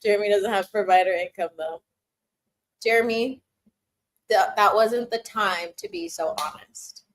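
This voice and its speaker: A woman's voice: mid-range voice, measured pace. A young woman hosting a casual live-stream Q&A, giggling often and teasing her chat as she gives playful advice. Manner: giggly, laughs often between phrases.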